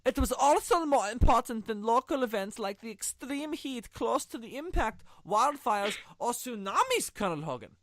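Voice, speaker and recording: A man's voice: very high-pitched, sing-song, normal speed, hardly any pauses, fairly bright tone, no room sound, voice pushed up, heavily acted. A man putting on a mock German accent to read out a stiff, pompous quote in an exaggerated sing-song. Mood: mock formal.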